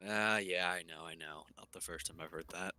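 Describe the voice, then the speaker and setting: A man's voice: low voice, a little fast, background noise. A young man playing in a tabletop game, blunt and swearing freely. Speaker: player. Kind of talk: casual chat in a tabletop game.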